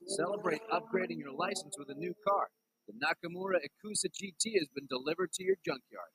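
A brash, upbeat radio DJ from a racing game. He talks in a high, bouncing husky voice. The sound is dry and close. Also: very animated, a little fast, a bit bright, no echo, exaggerated voice, poor audio. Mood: announcing. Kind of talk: scripted radio DJ patter.

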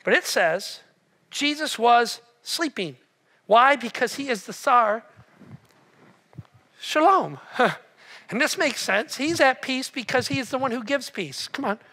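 Man, pastor, sermon, very high voice, lively storytelling. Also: unhurried. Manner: animated storytelling, acts out voices, asks the room questions.

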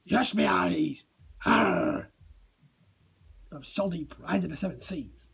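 A woman doing a gruff old sea-dog engine. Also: on the low side, animated, takes it slowly, pitched below the performer's own voice, full character voice. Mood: hearty. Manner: bluff sea-dog talk. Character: salty old male pirate-talking engine.

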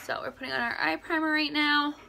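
A woman's voice: sits high, fairly even intonation, fast talker, gravelly, pushed and bright. A young woman hosting a casual live makeup tutorial at home, chatty and rambling, greeting viewers by name as she works. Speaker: makeup livestream host. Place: at home indoors.

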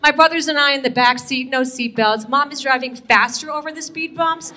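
A middle-aged woman doing an energetic stand-up comedy set, talking to the audience and firing off quick questions. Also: sits high. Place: comedy stage with a live audience.

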